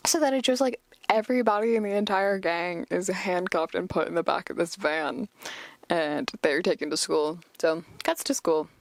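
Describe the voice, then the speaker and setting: A woman's voice: on the low side, moderate pace, no echo. A woman hosting a podcast, recapping an episode in a rambling, chatty way full of fillers. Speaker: podcast host.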